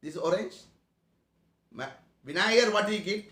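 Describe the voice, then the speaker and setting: A man's voice: sits high, lively intonation, measured pace, sharp tone, roomy sound. A man giving a spiritual discourse to a class in broken English, often asking the listeners questions. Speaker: spiritual teacher. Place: meeting room.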